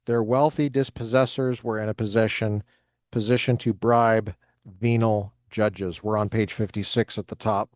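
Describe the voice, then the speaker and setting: A man's voice: lowish voice, little pitch movement, normal speed, darkish tone, dry recording, studio quality. A man reading passages from a book aloud and adding joking commentary of his own. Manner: reads passages with joking asides. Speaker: lecturer reading from a history book.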